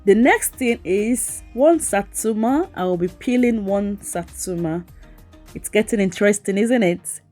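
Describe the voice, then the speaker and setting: A woman's voice: mid-range voice, animated, measured pace, over music. A woman cooking vlogger chatting playfully to her viewers, teasing and giggling as she talks them through a recipe. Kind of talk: voice-over cooking demo.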